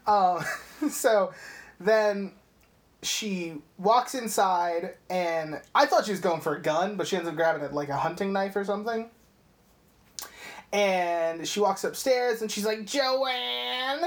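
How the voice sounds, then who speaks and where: A woman's voice: medium pitch, unhurried. Young woman casually recapping a film. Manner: animated retelling, swearing, acting out lines. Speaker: podcast co-host.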